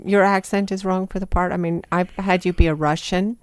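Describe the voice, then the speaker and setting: A woman who directs theater, chatting on a talk show and quick to laugh and agree. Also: on the low side, level tone, smooth, dry recording. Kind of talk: casual talk-show chat.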